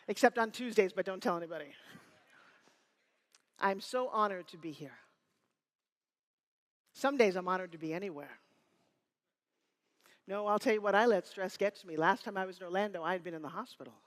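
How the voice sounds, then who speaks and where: Woman in her 50s pumping up a crowd on stage, bright punchy voice, teasing, a bit of room reverb. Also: mid-range voice. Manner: energetic, teasing, rallies the crowd with call-and-response. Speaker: motivational speaker. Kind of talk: live motivational keynote. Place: stage before a live audience in a hall.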